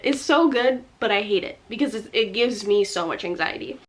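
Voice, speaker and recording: A woman's voice: a little high, moderate pace, hardly any pauses, noisy background. A young adult woman vlogger giving a casual, emotive movie review full of filler words.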